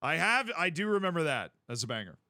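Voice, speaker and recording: A man streaming a game, chatting casually in a rambling, jokey way with sudden loud outbursts. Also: on the high side, sing-song, fast, dry recording, studio quality.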